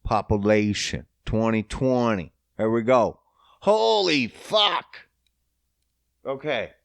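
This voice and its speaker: A foul-mouthed podcast host from Prince Edward Island rants on his own. His pitch leaps up and drops down as he works himself into mock fury. His voice sits close to the mic with a dry, dead sound. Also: slow, gravelly, no echo. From Prince Edward Island, Canada. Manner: swears constantly, ranting and mock-heated; loud, animated pitch swings when riled up. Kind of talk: profane solo podcast rant.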